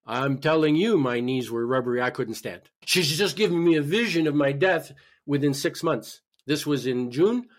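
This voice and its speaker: A man, a guest on a talk podcast, telling a personal story in an animated way with frequent restarts. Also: on the high side, moderate pace. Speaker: podcast guest, spiritual healer. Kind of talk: personal story told in conversation.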